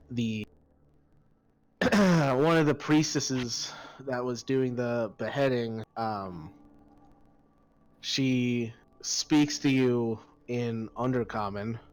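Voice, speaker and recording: A man narrating a tabletop game as game master, pausing often with fillers. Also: medium pitch, smooth. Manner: hesitant, many fillers.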